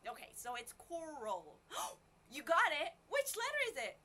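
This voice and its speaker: A woman hosting a children's phonics lesson, sounding out letters in an animated, sing-song way. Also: high-pitched, unhurried. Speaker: children's show host.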